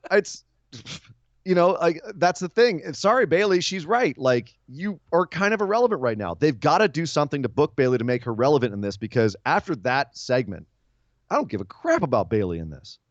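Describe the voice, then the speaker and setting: A man's voice: on the high side, no room sound. Guy co-hosting a wrestling podcast, bouncy voice, kinda dull dry audio, jokes around a lot. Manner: animated, quick to tease and laugh. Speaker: podcast co-host. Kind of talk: casual wrestling recap chat.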